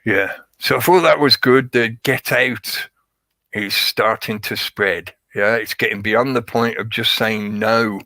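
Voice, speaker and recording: A man's voice: on the low side, bright, forceful tone, no room sound, poor audio. A man giving a casual, rambling monologue as a show host. He repeats himself and stresses his points. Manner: rambling, repetitive, emphatic. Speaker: podcast host.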